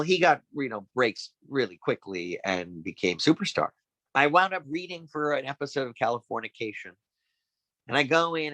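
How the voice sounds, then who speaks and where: Middle-aged male guest; bright, forceful delivery, dry recording, animated anecdotes. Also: medium pitch, dry recording, rough recording. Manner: animated, acts out quoted voices. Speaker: guest actor. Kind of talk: casual anecdotal storytelling.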